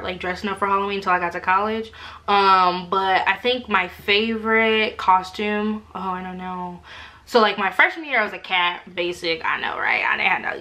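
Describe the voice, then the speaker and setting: A young woman vlogger in her twenties sits at home and talks straight to the camera. She tells her stories in a loose, animated way, full of fillers. Her voice is bright and forward. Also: mid-range voice. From Alaska. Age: 20s. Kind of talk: casual storytelling to camera. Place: home room.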